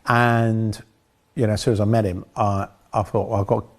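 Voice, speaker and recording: Low-voiced man telling anecdotes. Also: level tone, normal speed, creaky. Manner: rambling, anecdotal, dry humor. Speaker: film director. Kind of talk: interview anecdotes.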